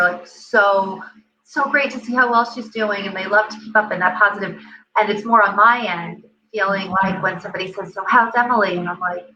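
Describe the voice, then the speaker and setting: Bright-voiced woman host in an echoey room. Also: medium pitch, slight background noise. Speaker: interview host, parent. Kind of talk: casual interview chat. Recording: echoey, dull-sounding room with faint ambience.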